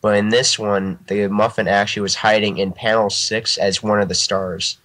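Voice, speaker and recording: A man's voice: on the low side, level tone, normal speed, fairly bright tone, poor audio. A man chatting casually as a guest artist, rambling and restarting his sentences and laughing often. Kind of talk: casual chat.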